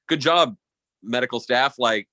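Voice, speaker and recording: A man's voice: medium pitch, a little slow, bright, forceful tone, dry recording. Rambling man in casual sports talk. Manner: rambling, self-correcting, laughs often. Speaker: podcast co-host.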